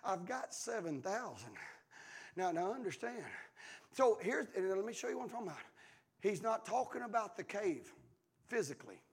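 Gravelly pastor, high voice. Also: male voice, expressive, brisk. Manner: swings between shouted preaching and hushed near-whispers. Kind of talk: sermon.

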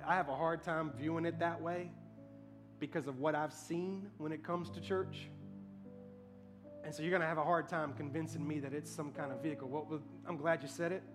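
A male pastor with a voice on the high side tells a story during his sermon. He builds up to loud, emphatic preaching and asks the congregation for amens.

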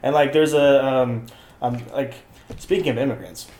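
A young man co-hosting a casual podcast, telling animated stories full of swearing and acted-out quotes. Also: mid-range voice, normal speed, roomy sound, a little hiss or hum. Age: young adult. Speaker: podcast co-host. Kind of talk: casual chat.

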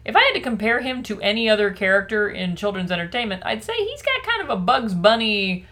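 A woman's voice: mid-range voice, big pitch swings, a little fast, a bit bright. A woman in her thirties chats as a podcast co-host. She is dry and wry, slipping sardonic asides into the conversation. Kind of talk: casual chat.

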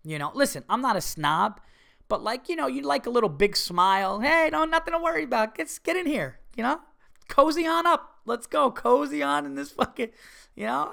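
Animated storytelling man, higher voice. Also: vocal fry. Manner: animated, swears freely, acts out quoted voices. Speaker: podcast host. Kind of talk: casual storytelling.

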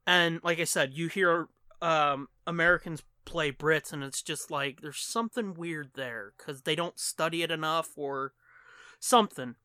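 A man co-hosts a podcast in loose, animated banter, tossing out jokes and quick impressions. His voice sits fairly high with a bright, ringing tone. The sound is dry and close to the mic. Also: smooth, no echo. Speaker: podcast co-host. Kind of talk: casual chat.

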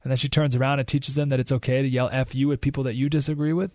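A man hosting a talk radio show, telling a story in an animated, emphatic way with rising indignation. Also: mid-range voice, racing, no echo, studio quality. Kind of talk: opinionated radio monologue.

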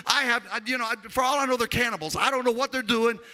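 Bright-voiced man preaching his testimony. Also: very high-pitched, fast. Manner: animated storyteller, acts out voices, shouts at peaks. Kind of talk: testimony sermon.

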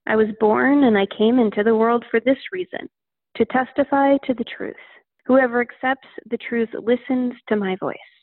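A woman voicing a calm, earnest man on trial in a Bible reading. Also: on the high side, normal speed, no echo. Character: calm male teacher on trial. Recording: tinny phone-like line.

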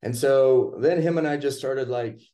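A man casually telling a personal story in conversation, relaxed and chatty, acting out what people said. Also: medium pitch, normal speed. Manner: relaxed, chatty, acts out quoted lines.

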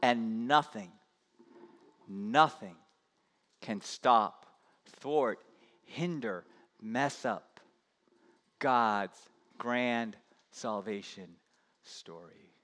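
A pastor preaching a sermon in an impassioned, emphatic way, building through repetition. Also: male voice, medium pitch, very slow, pauses often, fairly bright tone. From United States. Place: church sanctuary. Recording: long hall reverb.

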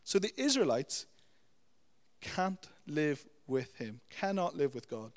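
A young adult man preaching a sermon, teaching with lively storytelling and checking in with "okay?" and "you know". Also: fairly high pitch, takes it slowly. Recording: long hall reverb.

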